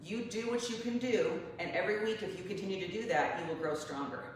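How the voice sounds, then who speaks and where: A woman in her forties gives her barre fitness class an upbeat, chatty pep talk, sounding like an encouraging coach. Her voice sits at an ordinary middle pitch. She stands away from the mic in a strongly echoing room, with a faint hiss underneath. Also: lively intonation, fast talker, distant mic. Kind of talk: motivational class talk to camera.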